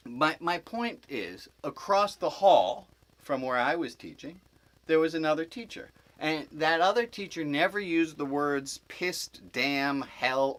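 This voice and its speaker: A man's voice: medium pitch, a bit bright, poor audio. A man who is a rabbi, giving an informal spiritual teaching to a group as a rambling storyteller who corrects himself with asides.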